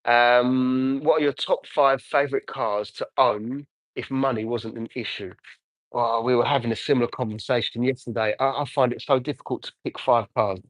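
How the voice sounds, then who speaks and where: A man's voice: medium pitch, fairly even intonation, normal speed, dry recording, poor audio. Chatty Englishman in his forties, dry sound. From England. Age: 40s. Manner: chatty, rambling, reads out and answers viewer comments. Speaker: car detailer live-streaming. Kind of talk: casual livestream chat while working.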